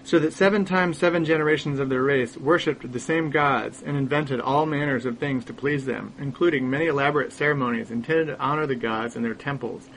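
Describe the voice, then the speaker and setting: A man narrating a scripted satirical story in a dry, deadpan way. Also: mid-range voice, brisk, few pauses, slight background noise, rough recording.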